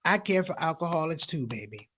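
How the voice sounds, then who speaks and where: A man playing a protective mother who answers softly and suspiciously, in a comedy routine. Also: fairly high pitch, animated, fairly quick, breathy edge. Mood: knowing.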